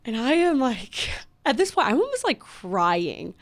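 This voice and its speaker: Animated young woman telling a story. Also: on the high side, measured pace. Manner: animated storytelling, heavy use of "like", frequent restarts and laughs. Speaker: podcast co-host. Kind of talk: casual podcast chat.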